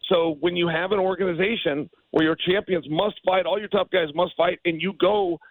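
A man, a former fighter as a guest, telling stories in a podcast interview, animated and emphatic. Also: high voice, normal speed, no room sound, poor audio.

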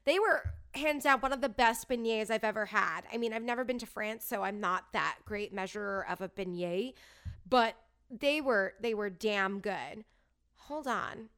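A woman's voice: mid-range voice, fairly bright tone, clear, resonant tone. A woman in her thirties telling a story in a casual, chatty way, gushing and peppering her talk with "like". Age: 30s. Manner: bubbly, gushing, lots of "like".

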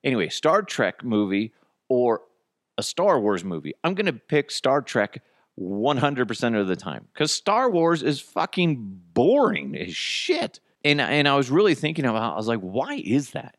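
A man's voice: medium pitch, huge pitch swings, moderate pace, no echo, clean studio sound. A man in his thirties hosting a casual solo podcast, rambling and cursing with self-mocking humor. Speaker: podcast host. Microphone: headphones and studio mic.

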